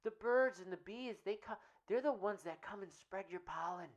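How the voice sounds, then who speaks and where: A woman's voice: mid-range voice, normal speed, lightly acted. A woman playing an earnest, rambling male radio host and self-help guru in a comedic parody monologue, who keeps asking "right?".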